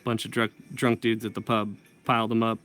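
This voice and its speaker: A man's voice: fairly low pitch, flat delivery, brisk, fairly bright tone, faint music behind. A man teaching comic inking in a casual tutorial, thinking aloud and correcting himself as he works. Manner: thinking aloud while working, self-correcting. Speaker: comic book inker.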